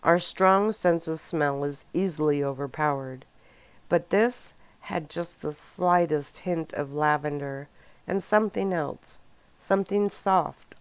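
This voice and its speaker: A woman reads a first-person story in a calm, soft-spoken ASMR audiobook style. Her voice is low and smooth, and she takes her time. The recording is dry and close. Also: no room sound. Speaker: audiobook narrator.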